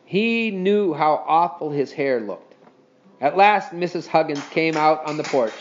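A man narrating a children's storybook in an animated, expressive reading style. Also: fairly high pitch, unhurried, muffled recording, slight background noise. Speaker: audiobook reader.

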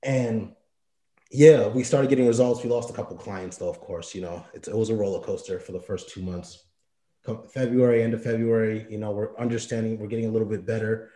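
A young man tells his story in loose, slangy talk, dropping into quoted back-and-forth. His voice sits low and mellow, with no edge to it. The room around him rings with a clear echo. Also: fairly quick. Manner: slangy, animated, quotes others in his own voice. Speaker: entrepreneur telling his story. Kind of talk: casual storytelling.

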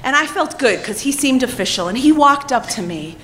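A woman telling a comic personal story on stage, profane and animated, laughing as she talks. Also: sits high, a little fast, a little hiss or hum.

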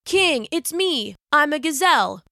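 A timid male gazelle speaks slowly and earnestly, with his voice pitched up and soft at the edges. A woman voices him in a bright storybook read. It is recorded close and dry. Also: very animated, gravelly, no room sound, heavily acted. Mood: nervous earnest. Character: nervous young male gazelle.

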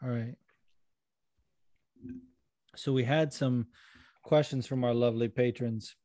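A man's voice: mid-range voice, steady tone, slow pace, mellow, no echo. Male podcast co-host, loose and swearing, laughs a lot; dry close sound. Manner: profane, giggly, acts out voices in stories. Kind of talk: casual stoned chat.

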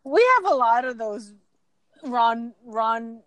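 A woman's voice: a little high, lively intonation. A woman in a casual chat, chiming in on a shared memory and laughing along. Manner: interjects, laughs along, slows to make a point. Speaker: podcast co-host.

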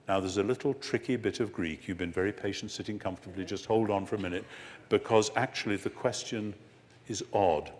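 An older man giving a sermon-style lecture to an audience, expressive, slowing down for emphasis and moving between soft and loud. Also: on the low side. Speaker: preacher. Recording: long hall reverb.

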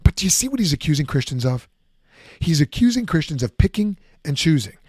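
Animated man teaching the Bible. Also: on the high side, brisk, slightly rough, no room sound, clean studio sound. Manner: animated, conversational, acts out objections.

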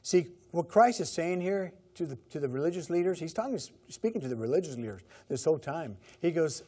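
A man's voice: a little high, expressive, fairly quick, hardly any pauses, warm tone, husky. A middle-aged man preaching a sermon in a conversational way, repeating key phrases. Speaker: pastor.

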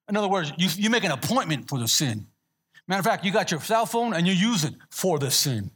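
A man's voice: high-pitched, fairly bright tone, slightly rough. A man preaching a sermon in a conversational way, restarting words and asking the congregation to answer back. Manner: conversational preaching with repeated restarts and call-and-response. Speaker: pastor.

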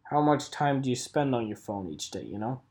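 A man's voice: medium pitch, very animated, normal speed, darkish tone, husky. A man talking casually to his viewers as a photographer, rambling with wry, self-mocking asides. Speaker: photographer vlogger. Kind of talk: casual monologue to camera.

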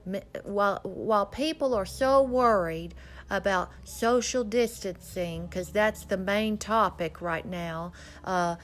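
A woman preaching a sermon, reading scripture slowly and solemnly and building to emphatic, fervent declarations. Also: mid-range voice.

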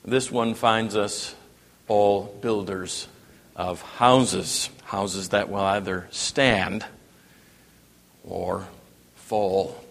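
A man preaching a sermon, dropping to a hush and then rising to emphatic, raised passages. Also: on the low side, fairly even intonation, drawn-out words, creaky, pauses often. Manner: wide swings from hushed to emphatic preaching. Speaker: pastor. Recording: long reverb in a hall.

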